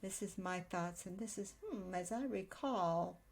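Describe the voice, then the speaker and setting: Woman, writing teacher, gravelly voice, husky edge, thoughtful explanatory lesson. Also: mid-range voice. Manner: thoughtful, explanatory, pauses to reason aloud. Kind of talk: daily video lesson on note-taking.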